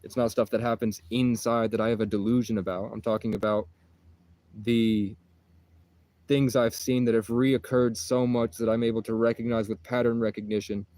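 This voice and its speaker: A man's voice: medium pitch, flat delivery, normal speed, dark tone. A man in a casual vlog monologue, talking in an intense, rambling, profane way.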